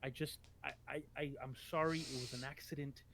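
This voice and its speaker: A man's voice: mid-range voice, fairly even intonation, fairly quick, gravelly, fairly bright tone, a little hiss or hum. A man playing an embarrassed, frightened man who stammers through pleading apologies.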